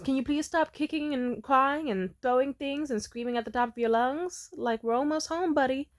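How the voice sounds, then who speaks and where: A woman's voice: sits high, normal speed, voice pushed up, close to an everyday voice. A woman doing a sugary, coaxing young mom. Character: soft-spoken permissive young mother.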